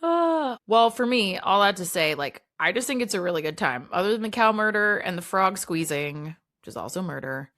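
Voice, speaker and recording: A woman's voice: medium pitch, animated, normal speed, few pauses, fairly bright tone, no echo, studio quality. A woman co-hosting a podcast, chatting casually about a film with blunt opinions and plenty of "like". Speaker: podcast co-host. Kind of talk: casual film-review chat.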